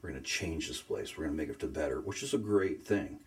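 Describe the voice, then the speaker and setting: A man telling his faith story in a casual conversation, earnest and emotional, often pausing to search for words. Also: very deep voice, animated. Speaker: guest sharing faith story.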